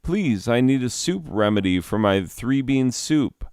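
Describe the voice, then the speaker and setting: A man's voice: medium pitch, animated, unhurried, darkish tone, smooth, dry recording, clean studio sound, voice pushed up. A man voicing his mother as a desperate, pleading woman in a raised voice.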